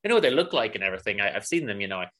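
Quick, bright-voiced man with dry teasing. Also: fairly low pitch, sing-song. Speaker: podcast co-host. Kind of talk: casual podcast banter.

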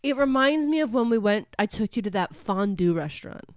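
A woman's voice: mid-range voice, expressive, brisk, no room sound, clean studio sound. A woman co-hosting a podcast, chatting casually, teasing and laughing easily. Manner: giggly, teasing, conversational. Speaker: podcast co-host. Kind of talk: casual chat.

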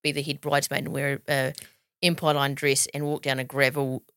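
A woman's voice: a bass voice, flat delivery, brisk, fairly bright tone, clean tone, no room sound, studio quality. A woman co-hosting a podcast, chatting and telling a story in a blunt, laughing way. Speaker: podcast co-host. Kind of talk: casual chat, storytelling.

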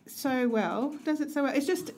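A woman's voice: sits high, normal speed, darkish tone. A middle-aged woman co-hosting a casual chat, talking with enthusiasm and laughing often. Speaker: podcast co-host.

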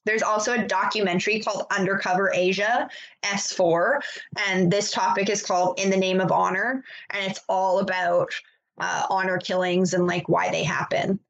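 A woman's voice: medium pitch, fairly even intonation, moderate pace, lo-fi sound. A woman co-hosting a casual podcast chat, telling stories in a loose way with lots of fillers. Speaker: podcast co-host.

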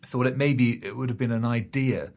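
Male co-host, mid-low pitch, loose rambling chat. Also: normal speed, a little mellow. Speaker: podcast co-host. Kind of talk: casual chat.

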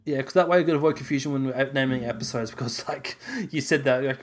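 A man's voice: medium pitch, fast, hardly any pauses. A young Australian man co-hosting a podcast, chatting casually, rambling and laughing often. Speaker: podcast co-host. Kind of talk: casual chat.

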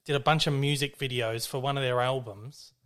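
A man's voice: mid-range voice, steady tone, fairly quick, fairly bright tone. A man hosting a casual film chat, talking in a rambling, loose way, often restarting his sentences and swearing freely. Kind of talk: casual chat about films.

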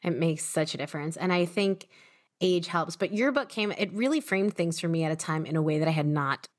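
A woman podcast host and author talking in casual conversation, chatty and eager, with quick bursts of speech. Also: on the low side.

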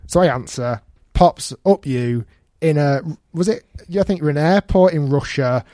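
A man's voice: on the high side, normal speed, no room sound, studio quality. A man hosting a casual podcast, telling stories with animation and acting out quoted lines. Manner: animated storyteller, acts out quotes. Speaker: podcast host. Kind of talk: casual chat.

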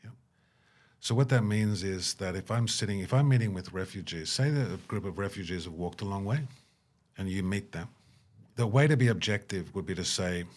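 Man, lowish voice, earnest interview guest, acts out dialogue. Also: normal speed. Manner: earnest, acts out quoted dialogue with rising pitch. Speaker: guest, humanitarian worker. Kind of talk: reflective interview talk.

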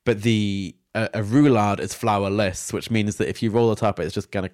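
A man co-hosting a podcast in casual, chatty talk, hesitant at times and quick to laugh. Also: fairly low pitch, steady tone, a little mellow, dry recording, studio quality. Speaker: podcast co-host. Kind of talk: casual chat.

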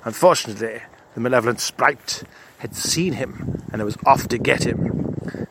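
A man's voice: mid-range voice, background noise. A man telling a comic adventure story in the first person, in a pompous, self-satisfied manner.

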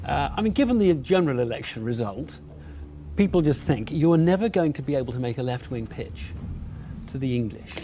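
A man's voice: medium pitch, animated, a little fast, dark tone. A man interviewing a politician, challenging and probing. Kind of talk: interview questions.

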